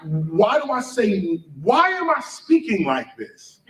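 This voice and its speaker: A man's voice: sits high, wildly swooping pitch, takes it slowly, a bit bright. A man lecturing an audience, firing questions and spelling out words letter by letter, heard from a distance in a large room. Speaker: speaker. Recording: roomy, from a distance.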